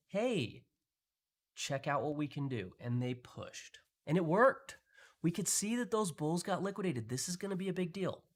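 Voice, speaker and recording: A man hosting a live market analysis, talking through charts in a conversational way with frequent restarts. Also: mid-range voice. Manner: conversational, explaining with pointing phrases and restarts. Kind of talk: live trading chart walkthrough.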